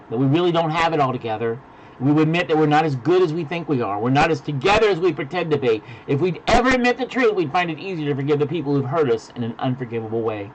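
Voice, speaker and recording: Man preaching with hushed and rising emphasis. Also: mid-range voice, dull audio, slight background noise. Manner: emphatic preaching, dropping to hushed lines then rising to shouts. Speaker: pastor. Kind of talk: sermon. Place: virtual church service.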